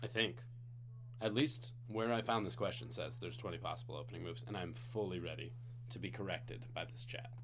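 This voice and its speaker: A man's voice: sits low, a little fast, background noise. A man from Singapore hosting a live-streamed trivia night, reading questions with jokey, playful asides to the chat. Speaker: trivia host.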